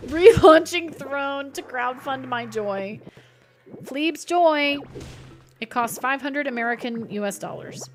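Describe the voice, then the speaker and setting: A woman's voice: high voice, animated, slow, soft background music. A woman live streaming a game in casual chat, reading her chat aloud and joking back. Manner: chatty, reads chat aloud and answers it, jokey.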